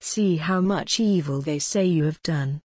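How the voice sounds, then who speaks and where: A woman's voice: sits low, unhurried, dark tone, no room sound, clean studio sound. Pilate, a stern governor, read by a woman. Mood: questioning. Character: stern Roman governor, a grown man questioning.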